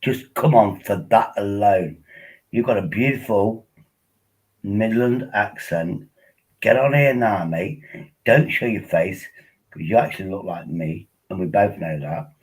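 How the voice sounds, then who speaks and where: A man's voice: fairly low pitch, measured pace, husky, rough recording. A tipsy man rambling casually as he hosts a live stream, coaxing viewers to join him on air. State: tipsy from drinking. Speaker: livestream host.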